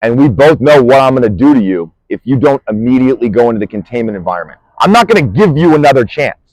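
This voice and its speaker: A man delivering a furious, profane, threatening rant outdoors on a busy street, swinging between shouting and low muttering. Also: no echo, rough recording. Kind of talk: angry direct-to-camera rant.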